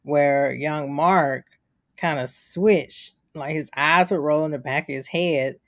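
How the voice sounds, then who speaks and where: A woman's voice: low-pitched, takes it slowly, no room sound, studio quality. A woman co-hosting a podcast, chatting casually about a TV episode and acting out quoted lines as she retells scenes. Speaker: podcast co-host. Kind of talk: casual chat reviewing a TV episode.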